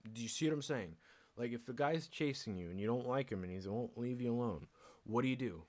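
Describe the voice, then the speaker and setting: A man's voice: mid-range voice, fairly quick, darkish tone. A man streaming alone, ranting bluntly with lots of swearing and laughter, acting out both sides of conversations. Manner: blunt, swearing, laughs often, acts out exchanges. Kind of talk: casual ranting monologue.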